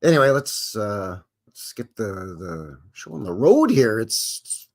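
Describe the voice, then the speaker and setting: A man's voice: on the low side, big pitch swings, slow pace, darkish tone. A Canadian man hosting a live stream, casually chatting and reading aloud with rambling, jokey asides.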